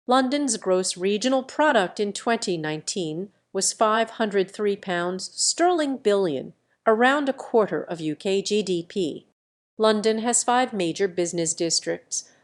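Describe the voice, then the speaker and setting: Woman reading encyclopedia text, even and matter-of-fact. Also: mid-range voice. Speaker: narrator. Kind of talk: scripted encyclopedic narration.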